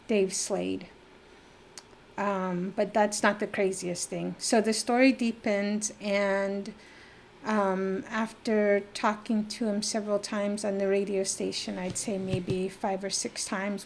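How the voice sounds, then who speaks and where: Lively middle-aged woman telling a story. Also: medium pitch, a little hiss or hum. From New Mexico. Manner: lively, acts out quoted dialogue, many fillers. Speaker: podcast guest. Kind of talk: personal storytelling in conversation.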